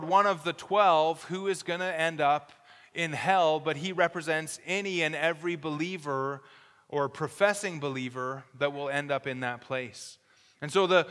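A man's voice: high voice, pushed and bright, clear, resonant tone. A male pastor preaching a sermon, reading scripture aloud and giving earnest, urgent warnings. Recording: long hall reverb.

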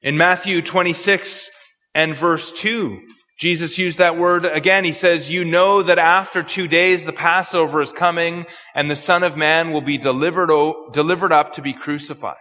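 A man's voice: fairly high pitch, fairly even intonation, normal speed, bright, forceful tone. A man preaching an expository sermon, earnest and prone to repeating words as he searches for phrasing. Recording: long hall reverb.

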